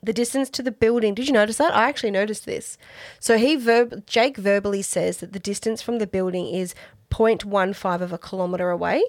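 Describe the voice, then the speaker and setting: A chatty Australian woman co-hosts a podcast, talking casually with quick asides and little laughs. Her voice is dry and close, with no room sound. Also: mid-range voice, fairly even intonation, dry recording. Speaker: podcast co-host. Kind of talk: casual chat.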